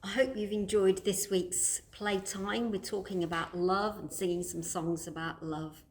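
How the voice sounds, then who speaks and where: A woman leading a church toddler group, speaking gently in simple words to small children. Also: mid-range voice, steady tone, measured pace. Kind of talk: children's worship session.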